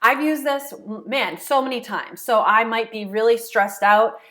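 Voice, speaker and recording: Woman, slightly high voice, self-help coach walking viewers through steps, repeats phrases for emphasis. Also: a little slow, a bit bright. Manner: repeats key phrases, asks rhetorical checks. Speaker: law of attraction coach. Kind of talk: explanatory teaching monologue.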